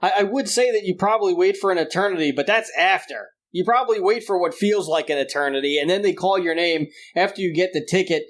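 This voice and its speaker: A man co-hosting a casual podcast, with a voice a little higher than most men's. He talks in loose, rambling stretches, full of fillers and false starts as he tells a story. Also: fast, few pauses. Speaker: podcast co-host. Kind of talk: casual chat.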